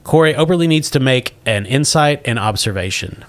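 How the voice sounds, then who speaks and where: A man's voice: mid-range voice, expressive, normal speed. A man narrating a tabletop game as game master, laughing often as he goes.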